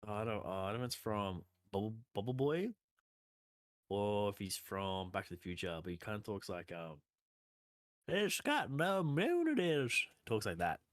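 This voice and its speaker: A man's voice: fairly low pitch, steady tone, normal speed, no echo, clean studio sound. A man, co-hosting a casual podcast and joking around, slipping into silly voices. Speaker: podcast co-host. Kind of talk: casual chat.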